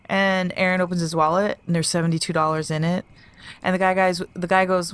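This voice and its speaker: A young woman co-hosting a podcast, telling a story in a casual, animated way, swearing and laughing as she goes. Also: on the low side, a little fast, clean tone. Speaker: podcast co-host.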